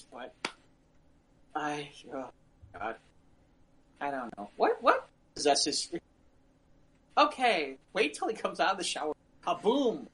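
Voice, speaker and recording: A man co-hosting a podcast, chatting casually and rambling with animated jokes while reading out news stories. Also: on the high side, slight background noise. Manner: animated, rambling, quick to joke. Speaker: podcast co-host. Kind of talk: casual chat.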